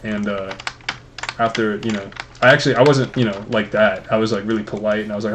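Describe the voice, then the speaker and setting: A man's voice: fairly low pitch, fairly even intonation, fast talker, a bit bright, slight background noise. A young man co-hosting a casual podcast, telling rambling, profane stories between games. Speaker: podcast co-host. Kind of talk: casual chat while gaming.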